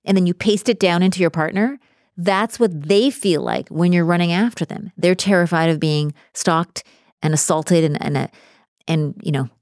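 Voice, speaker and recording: A woman speaking as a relationship coach in a casual podcast conversation, animated and acting out the voices she quotes. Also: fairly low pitch, normal speed, dry recording, clean studio sound.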